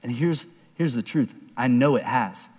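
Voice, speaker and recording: A man from Oklahoma telling a personal story as a sermon, animated and acting out voices, then dropping low and quiet for serious points. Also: measured pace. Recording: long reverb of a large hall.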